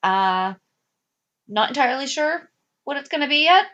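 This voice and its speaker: A woman's voice: sits high, moderate pace, highs cut off. A woman co-hosting a podcast, chatting casually and mostly reacting with short comments. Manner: brief reactions, lively intonation. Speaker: podcast co-host. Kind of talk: casual chat.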